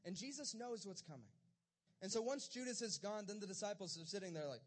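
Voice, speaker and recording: Guy preaching in a laid-back chatty way, kinda high voice, acts out the disciples. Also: expressive, fairly quick. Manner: conversational, acts out disciples' lines in a casual voice. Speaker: pastor. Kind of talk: casual sermon retelling scripture.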